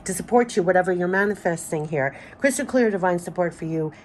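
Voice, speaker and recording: A woman's voice: on the low side, fast talker, a little mellow, a little hiss or hum. A woman doing an emotional spiritual card reading, talking in a gushing, emphatic way and repeating phrases, her voice giving out. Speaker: tarot card reader.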